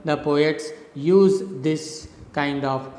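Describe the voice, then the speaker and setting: A man from India lectures on poetic meter in an unhurried, deliberate way, his voice sitting a little higher than most. He repeats each example patiently. The sound rings with long reverb, as if recorded in a large hard room. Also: darkish tone. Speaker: English literature professor.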